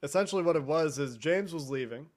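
A man from Cincinnati, a podcast host guesting on a sports show, talking in a measured, thoughtful way. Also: fairly high pitch, animated, darkish tone. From Cincinnati, United States. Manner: measured, thoughtful, frequent restarts. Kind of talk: casual sports talk.

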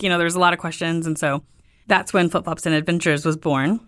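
A woman's voice: fast, no echo, studio quality. A woman talking as a guest in an interview, telling her story in a casual way and acting out the questions people asked her with lifts in her voice. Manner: lively, acts out quoted questions with lifts in pitch. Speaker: guest, travel tour founder.

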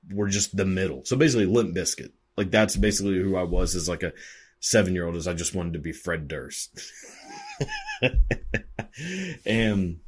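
Young dude in his 20s rambling and swearing a lot, real low husky voice, tons of "like"s. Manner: rambling, profane, lots of fillers and laughs. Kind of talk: casual monologue.

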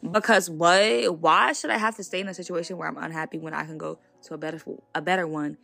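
Gravelly young woman podcasting. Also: fairly low pitch, fast talker, faint music behind. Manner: animated, outspoken, laughs between points. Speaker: podcast host. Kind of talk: casual solo podcast monologue.

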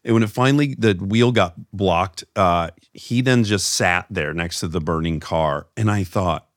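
Low-voiced man telling a story animatedly. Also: measured pace, dry recording, studio quality. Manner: animated storyteller who acts out quoted voices. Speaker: podcast host. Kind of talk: casual storytelling chat.

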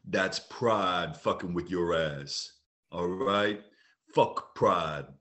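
A man doing an impression of a menacing crime boss, speaking slowly and threateningly. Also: a bit bright, full character voice. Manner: slow, low and threatening.

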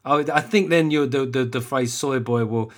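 A man's voice: mid-range voice, moderate pace. A man from England, a comedian hosting his own podcast, talking in a casual, sweary, self-mocking way with stammered restarts. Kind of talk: casual solo podcast monologue.

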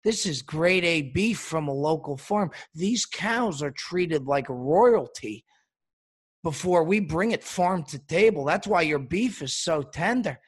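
A smug celebrity steak chef, calm and patronizing, speaks in a put-on foreign accent, as a man mimics him. The voice sits a little high and sounds husky. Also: slow pace, exaggerated voice. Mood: condescending.

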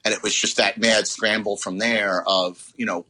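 A man in his forties recalling a hard day in an interview, often pausing and restarting with fillers. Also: lowish voice, fairly even intonation, pushed and bright, poor audio. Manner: halting, many fillers and restarts. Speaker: interview guest. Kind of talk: personal recollection interview.

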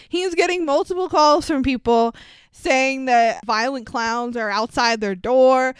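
A woman's voice: sits high, unhurried, clean tone, no echo. A woman co-hosting a movie review podcast, casual and sarcastic, swearing and laughing often. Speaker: podcast co-host.

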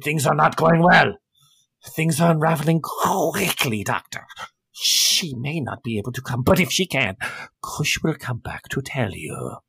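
Man putting on a raspy, creaky stitched vampire. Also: on the high side, sing-song, fairly bright tone, dry recording, heavily acted. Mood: grim. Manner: gruff, slow and cursing. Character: male vampire with stitched-open face, irritable and crude.

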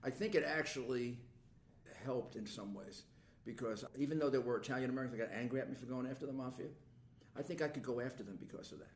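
Older man telling fast, lively stories. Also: medium pitch, slight background noise. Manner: animated storyteller, acts out relatives' voices. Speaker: guest. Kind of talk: casual storytelling chat. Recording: roomy room echo.

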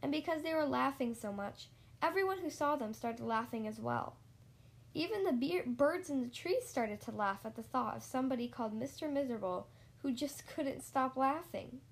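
Brief: woman storyteller, slightly high voice, unhurried bedtime-story reading. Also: expressive. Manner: slow and deliberate, lingering on repeated phrases. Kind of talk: reading a children's story aloud.

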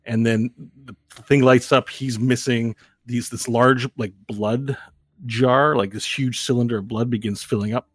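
Husky guy game-mastering, rambly vivid scene narration, lots of restarts. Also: mid-range voice, fairly even intonation, a little slow, no room sound, studio quality.

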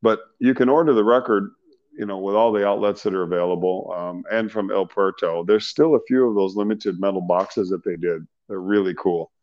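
A middle-aged man, a singer, being interviewed, telling stories in a loose, animated way with slang and laughs. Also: on the low side, brisk, lo-fi sound. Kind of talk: casual storytelling interview.

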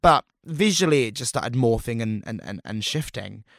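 A man who performs cabaret and drag, talking in a casual podcast chat, animated and full of quoted voices. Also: mid-range voice, moderate pace, gravelly, dry recording, studio quality.

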